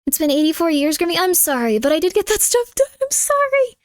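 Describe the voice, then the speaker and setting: A chatty woman streamer with a high, light voice talks with her viewers on a close mic in a dry, dead-sounding room. She slips into cooing baby talk for her cat and throws out playful mock threats. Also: animated, fast talker, darkish tone, no echo. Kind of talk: casual live-stream chat.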